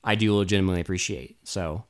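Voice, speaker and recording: A man's voice: sits low, fast talker. Exasperated man ranting about a film. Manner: exasperated, swearing, rambling. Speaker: podcast co-host. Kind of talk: casual movie review chat.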